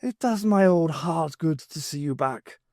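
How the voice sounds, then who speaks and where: A man's voice: on the high side, animated, measured pace, mellow, no echo, studio quality, pitched above the performer's own voice. A man doing a wheezy old president. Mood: courtly. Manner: courtly, turning sharply stern. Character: wheezy old male president, courteous but stern.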